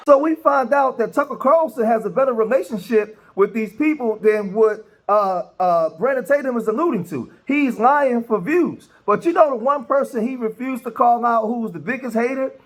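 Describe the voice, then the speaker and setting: A man's voice: very high voice, animated, normal speed, hardly any pauses. A man hosting political commentary, talking loosely with many restarts and reading posts aloud. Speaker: commentary host.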